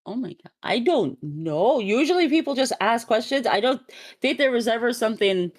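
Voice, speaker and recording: Lively high-voiced Canadian woman. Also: normal speed. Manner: animated, laughs often, mock-outraged outbursts. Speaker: guest. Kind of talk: casual chat.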